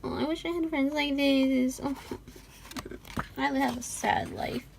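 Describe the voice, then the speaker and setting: A young woman vlogger gushing through an unboxing in casual chat, often dropping into soft whispered asides. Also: high-pitched, fairly even intonation, unhurried, creaky, noisy background.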